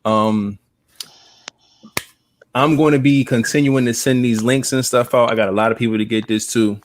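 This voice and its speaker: A man's voice: medium pitch, fairly even intonation, moderate pace. A man hosting a live podcast in loose, chatty talk, laughing easily. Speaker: podcast host. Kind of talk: casual live podcast chat.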